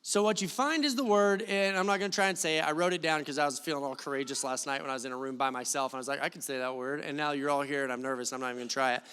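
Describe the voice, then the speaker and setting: A pastor delivers a lively sermon with a fairly high, bright-edged voice. He talks straight to the congregation and drops in jokes between Bible readings. The sound carries a long church-hall reverb. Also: very fast, hardly any pauses, smooth. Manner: animated, joking asides to the congregation. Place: church sanctuary.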